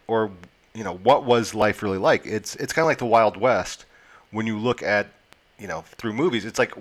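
A man's voice: lowish voice, a bit bright. A man in his forties co-hosting a casual discussion, thinking aloud and restarting his sentences. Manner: thoughtful, rambling with restarts. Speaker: podcast co-host.

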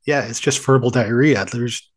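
A man's voice: mid-range voice, normal speed, a little hiss or hum. A man co-hosting a podcast in casual chat, easygoing and prone to tangents. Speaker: podcast co-host.

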